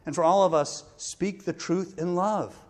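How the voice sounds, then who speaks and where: A middle-aged male pastor preaching a sermon, telling a personal story with pauses and self-deprecating laughs. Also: high-pitched, darkish tone.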